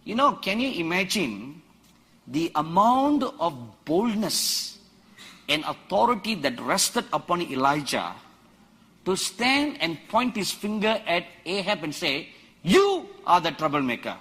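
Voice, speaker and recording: A man preaching a sermon to a conference crowd, quoting scripture dramatically and rising to emphatic shouts. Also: sits high, big pitch swings, slow pace, husky. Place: large conference hall.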